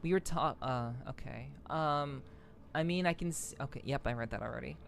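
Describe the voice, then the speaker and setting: A low-pitched woman hosts a casual game stream, her voice thick and stuffy from congestion. She greets viewers warmly and loosely, her lines full of fillers and doubled words, with faint noise in the background. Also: moderate pace, creaky. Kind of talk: casual live-stream chat while gaming.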